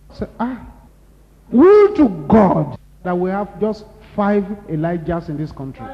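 Nigerian man preaching, high voice, emphatic, repeats himself, long hall echo, muffled lo-fi sound. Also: very animated, unhurried, a little hiss or hum. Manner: emphatic, repetitive, rises to loud exclamations. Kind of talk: sermon. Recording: dull lo-fi recording in a reverberant hall.

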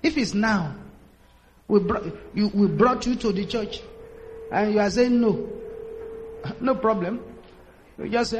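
A man's voice: sits high, unhurried, pauses often, a little hiss or hum. A man preaching a sermon, telling stories with drama and acting out the voices of the people in them. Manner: dramatic storytelling, acts out quotes, builds to shouted prayer. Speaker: pastor.

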